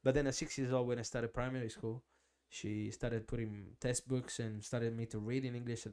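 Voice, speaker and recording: A man's voice: mid-range voice, little pitch movement, moderate pace, a little mellow, clear, resonant tone. A middle-aged man from Italy, a guest chef telling stories in a casual podcast chat and laughing easily.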